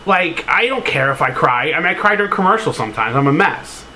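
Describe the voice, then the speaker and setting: A man's voice: sits high, expressive, a little fast, hardly any pauses, pushed and bright, slight background noise, rough recording. A man vlogging casually, rambling through a sentimental story with lots of "like" fillers and casual swearing. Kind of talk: casual to-camera vlog.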